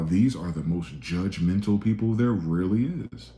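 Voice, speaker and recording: A man delivering a blunt, profane monologue rant, swinging between loud outbursts and low, muttered asides. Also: animated, moderate pace, reverberant. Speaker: video commentator.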